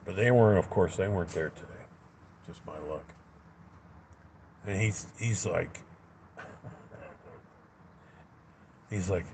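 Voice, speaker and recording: A man's voice: low voice, slow, vocal fry, pauses often, darkish tone, a little hiss or hum, rough recording. A man angrily telling a story in a profane rant, acting out both sides of an argument. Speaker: livestreamer. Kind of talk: angry ranting story.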